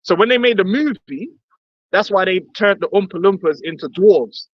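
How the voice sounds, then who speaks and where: High-voiced man, blunt and swearing. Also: expressive, normal speed, no echo. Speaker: podcast co-host. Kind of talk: heated religious discussion. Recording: dull lo-fi dry recording.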